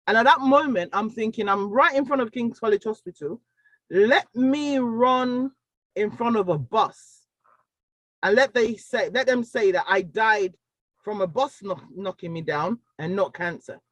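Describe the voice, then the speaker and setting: A woman giving a personal testimony talk, telling her story with animated storytelling and acting out the dialogue. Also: on the high side, a little slow, no room sound, poor audio. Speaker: speaker sharing a personal story.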